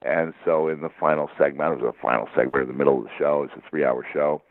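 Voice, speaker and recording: A man's voice: rumbling low, fairly even intonation, quick pace, no room sound. A man telling stories as an interview guest, rambling and laughing often. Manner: rambling storyteller with frequent laughs. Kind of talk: casual interview chat. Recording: tinny phone-like line.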